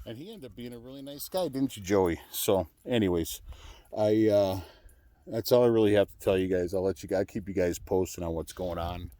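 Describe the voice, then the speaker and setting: A man's voice: lowish voice, a little fast, mellow, no echo. A man, a truck driver, chatting casually to his viewers in a rambling way, full of fillers and restarts.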